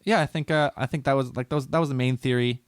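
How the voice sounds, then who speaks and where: A man's voice: medium pitch, fairly even intonation, fast talker, no room sound, studio quality. A man co-hosting a casual podcast, rambling with lots of "like" and free swearing. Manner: rambling, swears freely, many restarts with "like". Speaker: podcast co-host.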